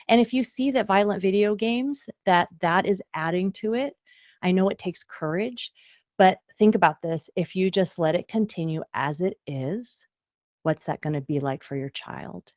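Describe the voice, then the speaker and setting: A woman speaking as author and guest speaker in a parenting webinar, lively and acting out quick exchanges between parent and child. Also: lowish voice, dry recording, muffled recording. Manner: animated, acts out parent and child quotes.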